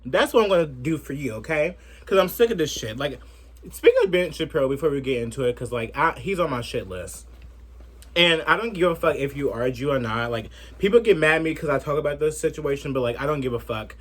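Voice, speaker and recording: A man's voice: fairly high pitch, fast talker, breathy edge. Brash, sassy man ranting on camera. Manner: brash, profane, animated, sassy. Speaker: commentary vlogger. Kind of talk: casual commentary rant.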